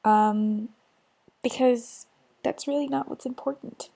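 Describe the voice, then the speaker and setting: A woman, adding a relaxed, reassuring voice-over aside with a few ums. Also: on the high side, takes it slowly, creaky. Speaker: video host adding an edited aside.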